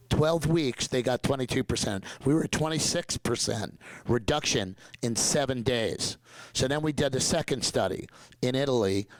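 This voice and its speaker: An older man talks with lots of energy, jumping between points and telling stories as a guest dentist. His voice sits at an ordinary middle pitch. The sound is close and dry. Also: no room sound, poor audio. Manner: energetic, digressive, slips into mock accents for quotes. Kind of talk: enthusiastic conversational storytelling.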